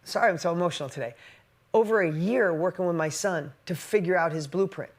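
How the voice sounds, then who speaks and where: A man in his forties giving a motivational business talk, emotional and shifting from loud emphatic bursts to quiet reflection. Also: high-pitched, a little fast. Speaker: business speaker.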